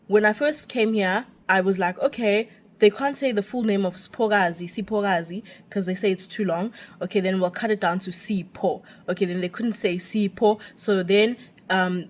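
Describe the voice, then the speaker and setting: A young woman with a South African accent, a teacher abroad, chatting and ranting casually while walking outdoors with a phone. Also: mid-range voice. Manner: chatty ranting, animated and expressive. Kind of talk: casual walking vlog chat.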